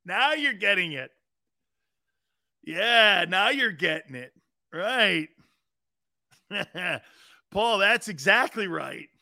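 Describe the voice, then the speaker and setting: A man's voice: high-pitched, expressive, very slow, vocal fry, pauses often, sharp tone, no echo, clean studio sound. A man in his fifties hosting a live show, telling a rambling, laugh-filled anecdote and acting out the quotes himself. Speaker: host. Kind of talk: casual storytelling on a live show.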